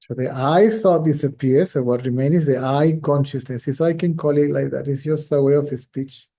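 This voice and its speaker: A middle-aged man whose first language is Spanish, giving a reflective spiritual talk as a teacher. He speaks slowly and carefully, repeating phrases as he searches for words. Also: fairly high pitch, steady tone, mellow.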